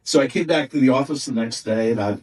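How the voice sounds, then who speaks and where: A man recounts old music-business stories in a husky, slightly breathy voice. He wanders through his thoughts with plenty of fillers and restarts, sitting a little back from the microphone. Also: medium pitch, quick pace, darkish tone, distant mic, poor audio. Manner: rambling, many fillers and restarts. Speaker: former record company executive. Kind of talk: anecdotal interview storytelling.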